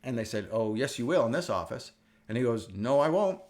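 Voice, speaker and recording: A middle-aged man from the United States hosting a casual wellness talk, telling stories with animated energy and frequent laughter. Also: mid-range voice, fairly quick. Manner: animated storytelling, laughs often. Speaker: wellness show host. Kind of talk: casual chat.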